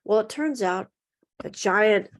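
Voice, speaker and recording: Expressive woman telling a folktale. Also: medium pitch. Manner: expressive, dramatic pauses and emphasis. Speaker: storyteller. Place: home, online story swap. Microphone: video call.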